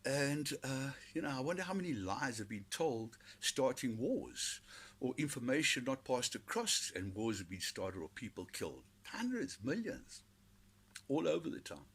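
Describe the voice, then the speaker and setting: Rambling husky South African man. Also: mid-range voice, very animated, moderate pace, a bit bright. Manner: rambling, sardonic, swearing. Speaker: podcast host. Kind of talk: casual solo commentary.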